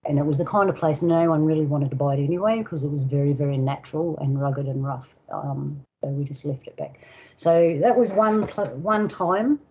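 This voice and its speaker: An older woman with an Australian accent, a guest elder telling a personal story in unhurried casual talk, acting out voices and sounds. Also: low voice, mellow, breathy edge, lo-fi sound. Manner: unhurried, acts out dialogue and sounds.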